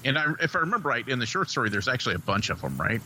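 A man co-hosting a podcast, reviewing a movie in a rambling, profane, excitable way. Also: medium pitch, very fast, slight background noise, poor audio. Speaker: podcast co-host. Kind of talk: casual movie review chat.

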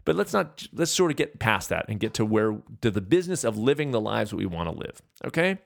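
A man in his forties from California, hosting a podcast and talking in a casual, animated, self-mocking rant. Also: fairly low pitch, fairly quick, gravelly, no echo, studio quality. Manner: animated, ranting, self-deprecating. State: out of breath. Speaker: podcast host. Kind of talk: casual monologue.

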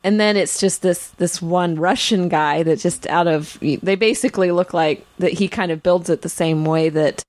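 A woman's voice: fairly low pitch, fairly even intonation, moderate pace, hardly any pauses, darkish tone, dry recording. A woman co-hosting a podcast, talking casually and hesitantly with many fillers. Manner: hesitant, full of "you know" fillers. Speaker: podcast co-host. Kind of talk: casual chat.

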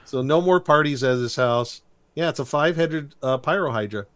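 A man's voice: a little high, normal speed. Guy on a podcast retelling a cartoon, laughing a lot, doing silly voices for the lines. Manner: animated, laughing, acts out quotes in silly voices. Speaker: podcast co-host recapping a cartoon. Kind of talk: casual chat.

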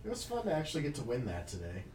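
A man's voice: medium pitch, huge pitch swings, very fast, a little mellow, slight background noise. A man who runs game tournaments, chatting casually and explaining prizes in an easygoing way. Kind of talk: casual chat. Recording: roomy, distant mic, clear background ambience.

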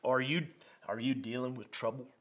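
A man's voice: mid-range voice, steady tone, normal speed, a bit bright, close to an everyday voice. A man putting on a Texas accent to voice a folksy male televangelist who asks rhetorical questions about demons. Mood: preachy. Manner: drawling, rhetorical preacher questions.

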